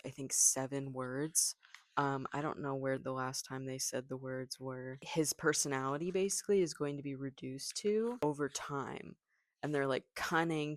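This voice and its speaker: A woman book vlogger in a casual reaction vlog, excitable and rambling, swearing often. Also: low voice, no room sound, clean studio sound. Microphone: camera.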